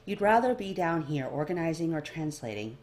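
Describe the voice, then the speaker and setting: A woman reading fan fiction aloud, narrating the story in an expressive, dry storytelling manner. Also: sits low, fairly quick.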